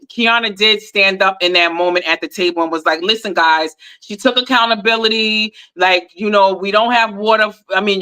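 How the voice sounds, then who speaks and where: A woman co-hosting a live reality-TV recap, talking in a casual, animated way with informal slang. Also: medium pitch. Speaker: podcast co-host.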